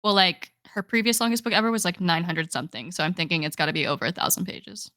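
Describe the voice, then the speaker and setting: A woman's voice: on the low side, quick pace, bright, forceful tone, no room sound, clean studio sound. A young woman co-hosting a podcast, chatting casually and enthusiastically with lots of "like"s. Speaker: podcast co-host. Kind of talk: casual chat.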